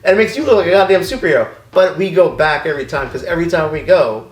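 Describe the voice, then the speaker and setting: A man's voice: a little high, quick pace, roomy sound. A man, co-owner of a record shop, telling stories in casual chat and acting out the dialogue, swearing freely.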